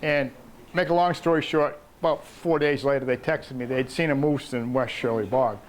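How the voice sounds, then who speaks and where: A man's voice: medium pitch, normal speed, a little hiss or hum. An older man with a Maine accent, an author telling folksy anecdotes to a library audience and acting out the voices in his stories. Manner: folksy anecdotal storytelling, acts out quoted voices. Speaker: author giving a library talk. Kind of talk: storytelling talk. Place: public library talk room.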